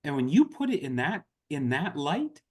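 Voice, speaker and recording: A man's voice: fairly high pitch, very animated, normal speed, slightly rough. A man leading a network marketing team, giving an earnest, impassioned motivational talk on a group video call. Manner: earnest, impassioned, repeats "y'all".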